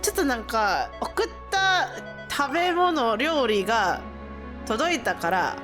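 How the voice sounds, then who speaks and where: Hyped gamer girl yelling along to cutscenes, voice all over the place, music under it. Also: fairly high pitch, normal speed. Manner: excitable, loud exclamations, giggly. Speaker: streamer. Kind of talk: casual game reaction and live translation.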